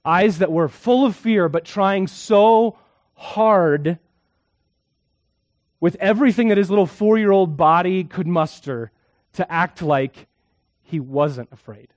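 A man preaching a sermon as a pastor, telling a story and shifting from hushed, quiet moments to loud, emphatic ones. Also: high voice, takes it slowly, no echo, clean studio sound.

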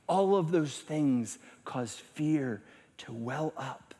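Delivering a sermon slowly, a middle-aged pastor uses a somewhat high, husky, expressive voice. He shifts between forceful, loud passages and lines spoken almost in a whisper.

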